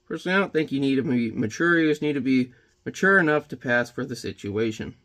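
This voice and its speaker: A man chatting casually while he paints, rambling between jokes and quiet reflection. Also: medium pitch, animated, quick pace. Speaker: painting vlogger.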